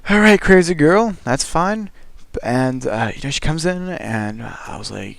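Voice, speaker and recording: A man's voice: on the high side, measured pace, gravelly, no echo. A young man telling a funny personal story in a casual, exasperated way, swearing freely and acting out what people said. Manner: animated, exasperated, profane, acts out quotes.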